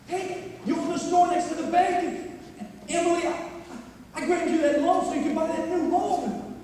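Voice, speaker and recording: A stage actor playing a desperate husband and father, pleading and shouting in a live play. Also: very high-pitched, fairly even intonation, moderate pace, a little hiss or hum. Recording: echoey hall miked from far.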